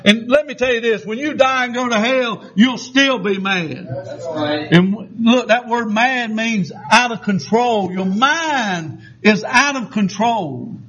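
A man's voice: very high-pitched, unhurried, few pauses, a bit bright. An older man preaching a sermon, telling stories in a folksy way with many fillers and restarts. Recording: dull lo-fi sound.

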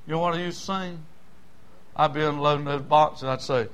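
An older man preaching with a drawl, his voice sitting a little high for a man. He tells stories quietly, then rises into fervent, shouting appeals to the congregation. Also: normal speed. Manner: impassioned, swings from hushed to shouting. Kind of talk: sermon.

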